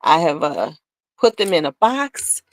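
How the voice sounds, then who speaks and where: A woman's voice: low voice, big pitch swings, a little slow. A woman hosting a casual beauty livestream, chatting candidly and sassily with viewers, laughing often. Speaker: beauty channel host.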